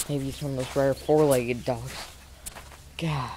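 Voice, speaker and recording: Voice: mid-range voice, animated, unhurried, noisy background. Goofy rambling vlogger outdoors in snow. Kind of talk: casual outdoor vlog.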